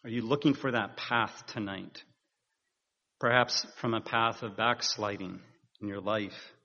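A man preaching a sermon in a measured, earnest way, rising with emphasis at key points. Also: fairly low pitch, steady tone, pushed and bright. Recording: dull sound in a reverberant hall.

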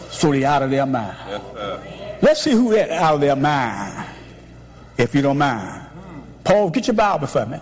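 A man's voice: medium pitch, darkish tone. A man, a pastor preaching a sermon with emphatic, repetitive declarations.

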